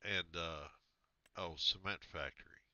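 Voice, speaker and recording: A man with a very low voice and a bright, forceful edge, chatting casually while he streams a game. He mumbles through menu choices and often stops to restart his sentences. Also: fairly even intonation, measured pace, lo-fi sound. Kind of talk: casual gameplay chat.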